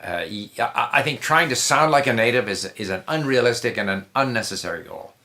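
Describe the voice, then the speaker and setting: A man's voice: medium pitch, a little fast, pushed and bright. A man speaking as the guest on a language-learning interview, giving conversational advice in an emphatic way, often repeating himself and restarting his sentences.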